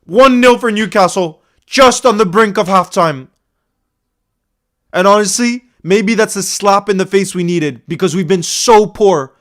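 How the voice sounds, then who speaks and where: A fan-channel host reacts live to a football match, exasperated and ranting at an unhurried pace. He repeats himself with stammering restarts, swinging between loud outbursts and low muttering.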